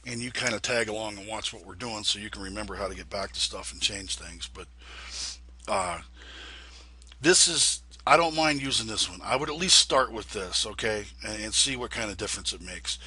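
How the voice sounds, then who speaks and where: A man's voice: fairly low pitch, animated, moderate pace, bright, forceful tone, husky. Rambling man walking through computer tweaks. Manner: rambling, repeats words, many ums and uhs. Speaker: flight sim tutorial maker. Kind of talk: casual screen-recorded tutorial.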